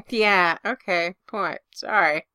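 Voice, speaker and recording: A woman voicing a calm young man who reassures his friend in a steady, blunt, teasing way. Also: on the low side, takes it slowly, clear, resonant tone, no echo, clean studio sound. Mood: reassuring.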